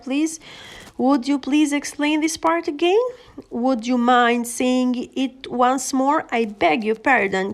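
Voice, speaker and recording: A woman with an Albanian accent leads an English class, working through lists of useful phrases one by one. Her voice sits a little high, and she speaks with careful pauses, hesitations and restarts. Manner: slow, careful delivery with frequent hesitations and restarts. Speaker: English teacher. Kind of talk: classroom lesson reading example phrases.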